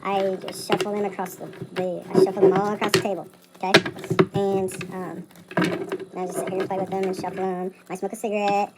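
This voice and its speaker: A woman's voice: mid-range voice, level tone, brisk, very noisy. A woman reading tarot at her table late at night, talking in a loose, rambling, self-interrupting way. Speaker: tarot reader. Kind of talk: rambling casual vlog.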